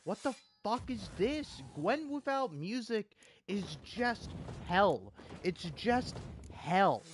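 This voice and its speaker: A man's voice: sits high, big pitch swings, slow, slight background noise. A man in an angry gaming rant, swearing often and repeating himself in exasperation. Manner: profane, repetitive, exasperated ranting. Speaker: gaming video creator.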